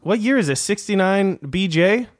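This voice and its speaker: A man improvising a comedy sketch, bemused and playful, talking in halting bursts. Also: high voice, animated, dry recording, clean studio sound. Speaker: comedy performer.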